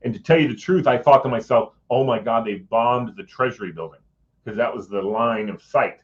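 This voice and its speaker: A middle-aged man, a guest in a casual chat, recounts a personal story with animation, acting out what people said and chuckling mid-sentence. His voice is mid-range and brisk, and the sound is lo-fi.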